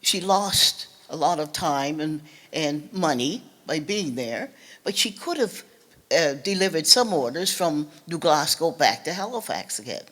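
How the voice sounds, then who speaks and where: An older woman from Nova Scotia giving a talk, telling a family story in a halting, earnest way and often repeating or restarting her words. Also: deep voice, expressive, fairly bright tone. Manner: earnest, recounts family memories. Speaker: guest speaker.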